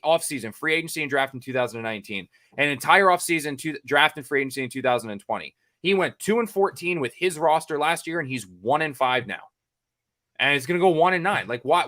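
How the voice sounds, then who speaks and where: An American man on a sports podcast, a reporter by trade, rants with mounting exasperation. He circles back over the same points, repeats himself and swears freely. His voice sits a little higher than most men's. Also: bright, forceful tone. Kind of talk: ranting podcast chat.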